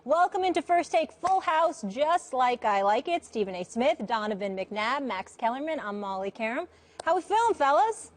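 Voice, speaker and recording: A woman moderating a live sports debate show in a studio, upbeat and brisk, teasing the panel. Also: high voice, sing-song. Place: television studio.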